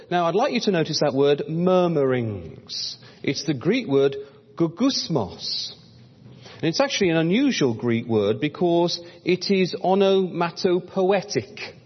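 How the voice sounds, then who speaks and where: A man's voice: a little high, breathy edge. A man preaching a Bible-study sermon, reading old-fashioned scripture aloud and calling his listeners brothers and sisters. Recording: dull lo-fi recording in a reverberant hall.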